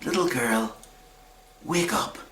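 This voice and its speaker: A storyteller voicing Jesus as a calm, reassuring grown man, speaking slowly and gently. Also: medium pitch, voice pushed down, lightly acted. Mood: hushed. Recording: echoey church hall.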